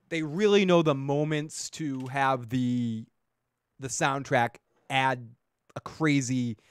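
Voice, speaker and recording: A Boston-accented podcast host from Massachusetts, USA, reviews a TV episode in loose, profane, rambling chat that keeps trailing off and restarting. His voice sits on the high side, clear and resonant, with dry, clean studio sound.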